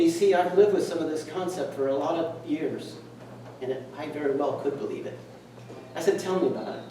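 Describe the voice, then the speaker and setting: A man's voice: fairly high pitch, mellow, slight background noise. A middle-aged man giving a speech at a meeting, telling a personal story in an earnest, reflective way and acting out the dialogue. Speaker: speaker. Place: meeting hall. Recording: echoey room, distant mic.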